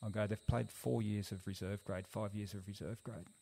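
Australian man, guest, low gravelly voice, animated storyteller. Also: moderate pace. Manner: animated, acts out quoted dialogue. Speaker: guest, former rugby league player. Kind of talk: casual storytelling.

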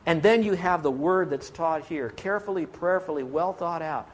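An earnest pastor with a notably high voice for a man preaches from a church pulpit. He pleads with his listeners and presses them with questions, lifting and dropping his pitch in a lively way. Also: moderate pace, a little hiss or hum. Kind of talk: sermon.

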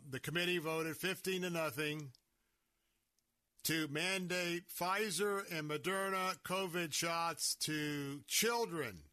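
A man's voice: a little high, pushed and bright, dry recording. A man hosting a conservative talk radio show from a studio, speaking emphatically and sounding worked up. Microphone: studio microphone.

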